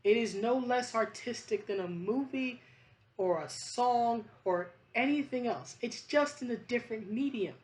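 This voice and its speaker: A woman's voice: a little high, unhurried, a little mellow. Passionate woman vlogger, choked up. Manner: passionate, emphatic, with frequent restarts and fillers. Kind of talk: rambling opinion monologue.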